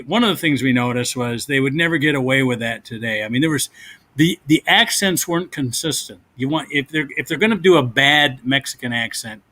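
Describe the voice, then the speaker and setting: A man's voice: medium pitch, pushed and bright. A man comedian in casual chat, recalling films and asking playful rhetorical questions. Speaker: comedian and podcast co-host.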